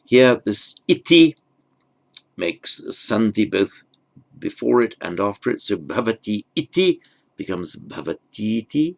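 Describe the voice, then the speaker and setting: A man's voice: lowish voice, gravelly. A man giving a patient step-by-step language lesson, spelling out terms carefully with frequent ums and small restarts. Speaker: Sanskrit teacher.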